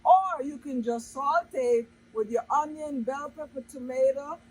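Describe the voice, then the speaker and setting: A bright, high-pitched woman hosts her own cooking vlog. She talks in a bubbly, exclaiming way, circling back to the same cheerful catchphrases again and again. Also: a little slow, poor audio. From Jamaica. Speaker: cooking channel host.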